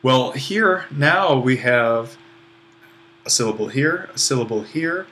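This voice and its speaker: A man's voice: medium pitch, lively intonation, takes it slowly, bright, forceful tone. Man explaining ancient Greek accents. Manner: explanatory, self-deprecating, with fillers. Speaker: Greek language instructor. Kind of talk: recorded online lesson.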